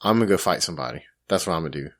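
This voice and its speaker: Animated man telling a story. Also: extremely low pitch, racing. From grew up in the country. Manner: animated, self-mocking, lots of fillers. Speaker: podcast co-host. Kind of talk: casual storytelling chat.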